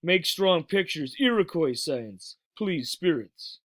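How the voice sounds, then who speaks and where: A man's voice: on the high side, animated, slow, fairly bright tone, dry recording, studio quality, heavily acted. A man voicing a tiny, stern, proud warrior who speaks in short clipped phrases, as a storybook read-aloud. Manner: gruff, broken clipped phrases.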